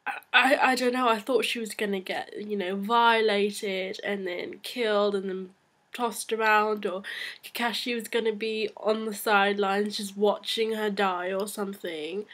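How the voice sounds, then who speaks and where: A young woman reviewing a comic chapter in a chatty, excitable, rambling way, sounding a little unwell. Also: mid-range voice, poor audio. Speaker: manga reviewer. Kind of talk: casual fan review vlog.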